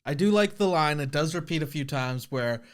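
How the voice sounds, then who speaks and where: A man with a voice pitched a little high talks through a film's plot with his co-host. He jokes around and puts on quick voices for the characters' lines. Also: animated. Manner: jokey, acts out quoted lines. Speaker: podcast co-host. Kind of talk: casual movie discussion.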